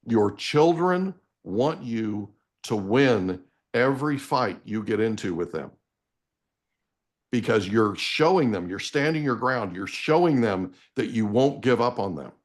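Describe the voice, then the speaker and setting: A man's voice: lowish voice, lively intonation, a little slow. Emphatic man giving parenting advice. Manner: emphatic, preachy, addresses listeners directly with repeated "okay?". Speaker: interview guest. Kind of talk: live interview, motivational advice.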